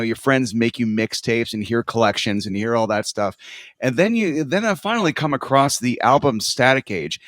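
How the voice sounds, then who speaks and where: A man co-hosting a podcast, telling stories in a relaxed, casual way and swearing freely. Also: medium pitch, no room sound, studio quality. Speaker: podcast co-host. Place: podcast studio.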